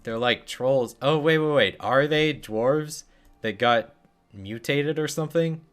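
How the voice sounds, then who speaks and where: A man's voice: medium pitch, a little slow, a bit bright. A young man streaming a game, giving casual commentary full of sarcastic jokes and muttered asides.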